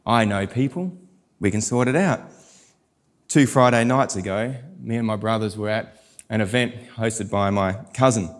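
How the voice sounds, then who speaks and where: A man's voice: fairly low pitch, moderate pace. Man preaching a sermon. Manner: storytelling, animated quoted voices. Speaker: pastor.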